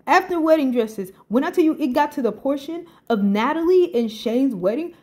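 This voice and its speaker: A woman talking straight into a close mic in a loose, profane rant. Her pitch swings from squeals of disbelief down to low mutters. She sounds incredulous and chatty. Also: expressive, moderate pace, darkish tone. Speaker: reality show commentator. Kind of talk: casual reaction commentary.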